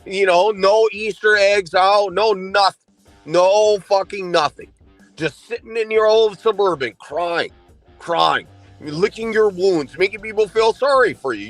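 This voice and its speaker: A man's voice: high voice, fairly bright tone, dry recording. Heated, profane male streamer ranting. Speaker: livestreamer. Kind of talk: angry livestream rant.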